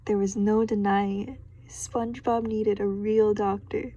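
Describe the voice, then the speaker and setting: A woman's voice: medium pitch, level tone, measured pace, mellow, no echo, dull audio. A woman reading a children's storybook aloud, giggling and stopping to react in surprise. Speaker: storybook reader.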